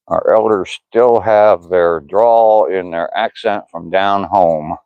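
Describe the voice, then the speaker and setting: An older man with a Southwest Ohio drawl that has an Appalachian lean, chatting in an easygoing way as he reads viewers' comments aloud. His voice sits very low, with a dry, close sound and a slightly dull, muffled tone. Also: takes it slowly, hardly any pauses, clean tone, dry recording. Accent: Southwest Ohio, Appalachian-tinged. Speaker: vlogger reading live chat. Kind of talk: casual live-stream chat while walking.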